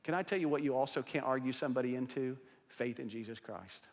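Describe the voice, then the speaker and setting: Man, pastor, sermon, emphatic, swings loud to hushed, mid pitch, long church reverb. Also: fast talker. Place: church sanctuary with a congregation.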